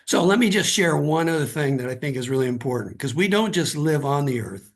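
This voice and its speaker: A man's voice: on the high side, expressive, brisk. A middle-aged man, a guest author, earnestly telling a personal story in conversation and often repeating words as he starts a thought.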